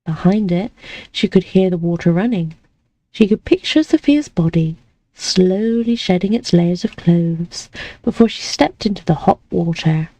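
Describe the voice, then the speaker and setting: A woman streamer reading a story aloud in a relaxed, unhurried manner. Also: fairly low pitch, no room sound. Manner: relaxed and unhurried, with casual asides.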